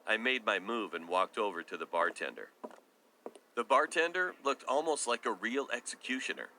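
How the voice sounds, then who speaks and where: A man narrating a scripted first-person horror story with a steady, even reading. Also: on the low side, normal speed, a little hiss or hum.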